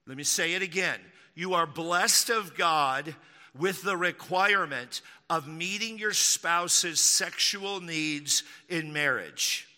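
A man from Texas preaching a sermon as pastor, emphatic, slowing down to repeat key lines and throwing in mocking asides. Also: on the high side, pushed and bright, in a large hall.

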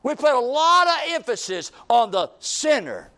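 High-voiced preacher man. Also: very animated, moderate pace, bright, forceful tone. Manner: preaching with rising emphasis and repeated questions. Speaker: pastor. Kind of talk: sermon.

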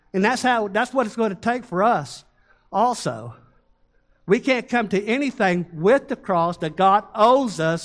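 A male pastor preaches to his congregation, reading scripture and leading call-and-response. His voice sits high, and he slows down and grows louder on key words.

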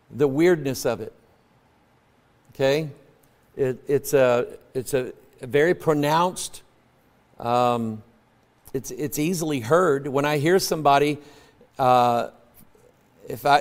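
A male preacher delivering a sermon in a folksy, conversational way, swinging from loud emphatic peaks to low quiet asides. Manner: folksy, conversational, acts out quoted voices.

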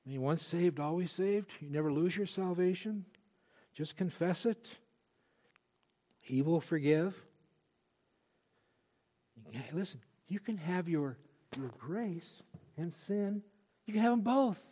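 A man's voice: sits high, animated, slow pace, long pauses, voice pushed up, full character voice. A man doing a sly whispering tempter. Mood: coaxing. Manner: hushed, wheedling whisper. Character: sly whispering tempter spirit, coaxing toward sin.

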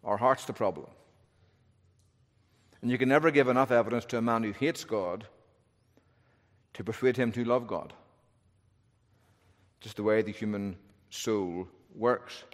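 A man's voice: lowish voice, unhurried, long pauses. A man preaching an expository sermon, telling the story with wry humor and shifting emphasis. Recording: long hall reverb.

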